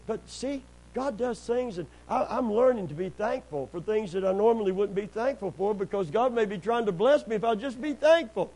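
A middle-aged pastor, preaching in a folksy storytelling way, sprinkling in amens and praise God, and rising loud and high when he gets worked up. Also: normal speed, few pauses, poor audio. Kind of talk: sermon.

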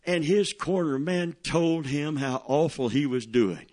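A man's voice: fairly high pitch, a little slow, a little mellow. A middle-aged male pastor preaching a sermon, telling stories and calling for amens from the congregation. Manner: preaching with call-and-response, storytelling, laughing asides.

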